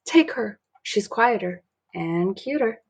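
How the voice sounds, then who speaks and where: Brief: woman playing a bossy little storybook girl, high and theatrical, slightly gravelly. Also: lively intonation, slow, heavily acted. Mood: pleading.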